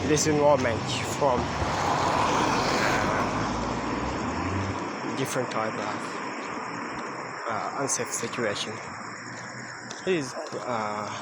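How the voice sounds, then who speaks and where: A man speaks slowly into a phone held at arm's length as he walks along a road at night. His English is halting and non-native, full of pauses and restarts. Loud crickets and passing traffic fill the recording. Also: mid-range voice. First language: not English. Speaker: English learner vlogging. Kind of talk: casual walking vlog. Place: outdoors at night along a roadside. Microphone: phone camera at arm's length. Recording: loud street and insect noise.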